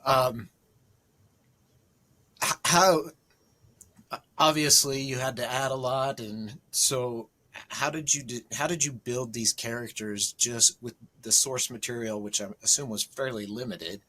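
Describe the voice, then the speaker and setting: A male podcast host with a bright, sharp-edged voice. His questions wander and restart as he works out what he wants to ask. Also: medium pitch, steady tone, measured pace. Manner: brief back-channel replies and loose, restarting questions. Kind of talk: casual podcast interview.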